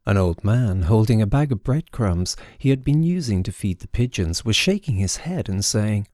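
A man reading a first-person story aloud in a wry, measured way. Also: on the low side, animated, mellow, dry recording, studio quality. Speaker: narrator. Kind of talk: scripted audiobook narration.

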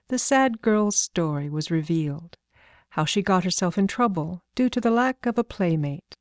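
A woman narrating an audiobook in a calm, measured way. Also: mid-range voice, no echo, clean studio sound.

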